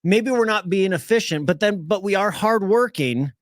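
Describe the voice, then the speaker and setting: A man's voice: sits high, animated, moderate pace, no echo. Joking man, radio co-host, dry studio. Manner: joking, easygoing, laughs along. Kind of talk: casual radio banter.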